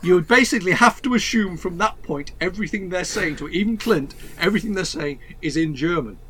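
A man's voice: high voice, lively intonation, brisk, pushed and bright, slight background noise. A man enthusing about a film in casual conversation, rambling with restarts and laughs.

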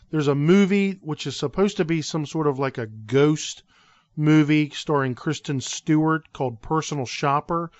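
A man's voice: a little high, no echo, dull audio. Easygoing man on a casual podcast. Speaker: podcast co-host.

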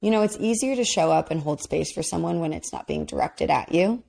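A podcast co-host with a low, gravelly, dark voice speaks fairly quickly and animatedly as she recaps a reality dating show. The chat is casual and chatty, packed with "like," fillers, and restarts.

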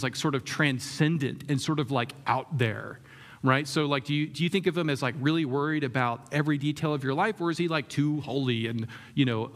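A man's voice: mid-range voice, fairly bright tone. A man preaching a sermon in a conversational way, often asking the room questions and using many fillers. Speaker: pastor.

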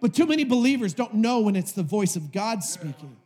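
High-pitched male preacher, fervent and repetitive, asks the room rhetorical questions. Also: very animated, a little fast. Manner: impassioned, swings between shouting and hushed tones. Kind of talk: sermon to a live audience.

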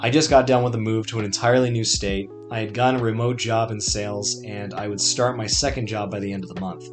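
A man's voice: on the low side, fairly even intonation, quick pace, music in the background. A young man narrating his own podcast memoir in a wry, conversational way, with dry asides. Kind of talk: scripted personal narration.

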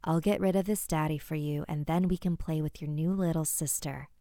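Brief: calmly sinister mom, put on by a woman narrator, matter-of-fact, dry close sound. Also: low-pitched, a little fast, dry recording. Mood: soothing. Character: cheerful, calmly sinister mother.

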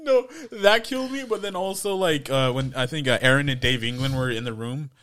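A man's voice: medium pitch, brisk, a bit bright. A man co-hosting a podcast in casual chat, rambling with lots of laughs and acted-out quotes. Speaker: podcast co-host.

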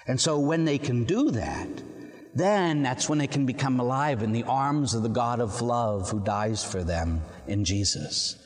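A male priest gives an animated sermon in a mid-range voice, slipping into the voices of the people in his stories as he tells them. His words carry a long reverb, as though he is speaking in a large church. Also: mid-range voice, fast talker. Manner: animated storytelling, acting out quoted voices. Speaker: Catholic priest.

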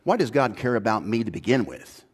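A man preaching a sermon as pastor, moving from quiet, low reflection to loud, high-pitched exhortation, with casual slang and repeated restarts. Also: sing-song, brisk, breathy edge.

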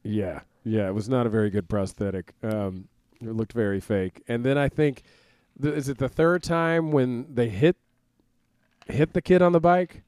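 A man's voice: medium pitch, normal speed, smooth, no room sound. A man casually recapping a movie plot on a podcast, acting out the characters' lines as he goes. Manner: animated storytelling, acts out quoted lines. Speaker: podcast co-host.

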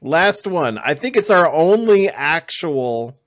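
Slow-talking, giggly podcast host man. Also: a little high, very animated, dry recording, studio quality. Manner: giggly, halting, laughs often. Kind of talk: casual chat.

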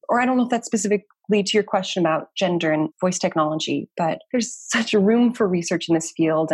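A woman in her thirties, a researcher and community founder, talking quickly and animatedly in a casual interview, often saying "like" and "you know.". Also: lowish voice, a little mellow, husky, dry recording, clean studio sound.

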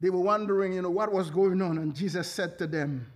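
A man's voice: high voice, fairly quick, few pauses. A man preaching a sermon as pastor, fervent, with frequent hallelujahs and bursts of laughter.

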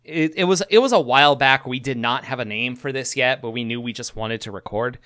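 A man co-hosting a podcast in casual chat, rambling and halting, often laughing. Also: medium pitch, bright, forceful tone, no echo, clean studio sound. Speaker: podcast co-host.

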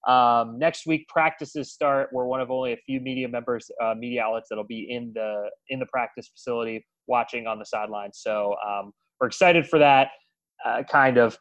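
A man hosting a casual sports podcast, talking in a teasing, animated way. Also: mid-range voice, moderate pace, muffled recording. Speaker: podcast host.

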